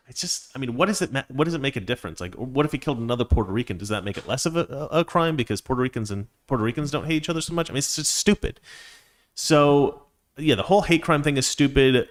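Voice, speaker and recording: A man talks off the cuff on a live stream. He's opinionated and rambling, with lots of restarts and fillers as he reads out viewer comments. His voice sits at an ordinary middle pitch. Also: expressive, fast talker. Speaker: host.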